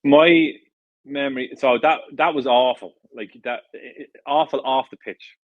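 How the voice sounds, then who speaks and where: A man's voice: mid-range voice, steady tone, measured pace, dry recording, phone-quality sound. A middle-aged Irish man, a former footballer, telling stories in a casual interview, rambling with many restarts and fillers. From Ireland. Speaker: former footballer, podcast guest.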